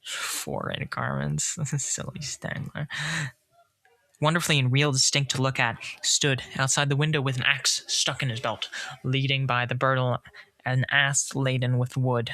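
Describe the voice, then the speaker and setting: A man's voice: medium pitch, level tone, moderate pace, bright, forceful tone, no echo. A man reading a story aloud in a playful way, with jokey asides about his own misreadings. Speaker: reader. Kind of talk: playful read-aloud of a parody classic.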